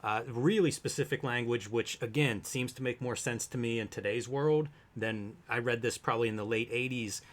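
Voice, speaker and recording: Man, co-host, casual comics chat, thoughtful, measured, hesitant, mid-pitched voice.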